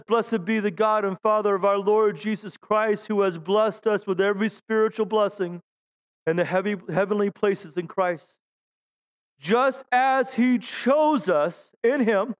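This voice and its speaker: A middle-aged male pastor with a fairly high, smooth, resonant voice, preaching with humor and self-deprecating stories. He addresses the congregation directly and often asks them to agree. The sound is dull and lo-fi. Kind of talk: sermon.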